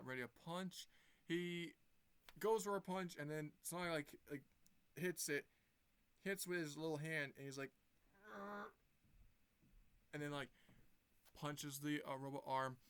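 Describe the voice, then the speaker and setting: A man's voice: on the high side, bright, forceful tone, clear, resonant tone. A young man casually retelling a movie plot for his review, rambling with lots of restarts. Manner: rambling, many fillers and restarts.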